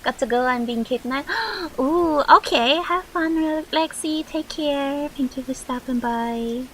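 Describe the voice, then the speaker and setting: A woman's voice: sits high, unhurried, fairly bright tone, a little hiss or hum, rough recording. A young woman streamer chatting casually with viewers while drawing, swearing freely and reacting to chat.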